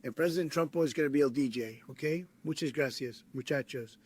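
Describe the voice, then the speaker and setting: A man's voice: medium pitch, a little fast, darkish tone, slightly rough, close to an everyday voice. A man playing a boastful older male politician in a comic impression, blustering and peppering his talk with mock-Spanish words. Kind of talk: comedic impression video.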